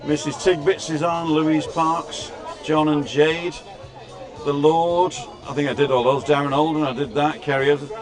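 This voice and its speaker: A slightly high-voiced British man chats his way through a livestream outdoors, greeting viewers one by one and adding dry little remarks. A busy crowd murmurs clearly around him on the street. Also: fairly even intonation, normal speed. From Britain. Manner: chatty, greets viewers by name, wry asides. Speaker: livestream host. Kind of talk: casual live chat, reading out viewer comments.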